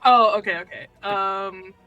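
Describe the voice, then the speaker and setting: A woman playing a tabletop game, making wry remarks about her character's bad luck. She talks slowly with a bright tone, and there is faint music behind her. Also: medium pitch, steady tone, dull audio. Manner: wry, laughing asides. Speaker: player.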